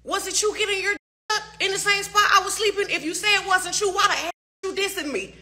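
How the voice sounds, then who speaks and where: A woman's voice: very high-pitched, steady tone, a little fast, bright, forceful tone. A young woman in a heated, profane livestream rant, firing off rhetorical questions. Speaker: artist speaking to fans.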